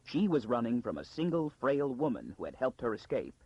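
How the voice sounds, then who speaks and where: A man narrating an audiobook in a dramatic storytelling style with a gravelly, husky voice. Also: medium pitch, sing-song, brisk, a little mellow, dry recording, highs cut off. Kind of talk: scripted narration.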